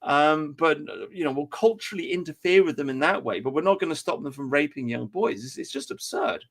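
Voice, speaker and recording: A man's voice: fairly high pitch, expressive, fairly quick, creaky. A man chatting on a podcast, ranting and swearing heavily. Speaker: podcast co-host. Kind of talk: casual chat.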